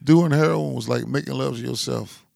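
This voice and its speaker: A man's voice: medium pitch, moderate pace, vocal fry, a little mellow, no echo, clean studio sound. A man chatting on a podcast, telling swaggering, crude stories and laughing often. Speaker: barber and podcast regular. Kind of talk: casual crude podcast banter.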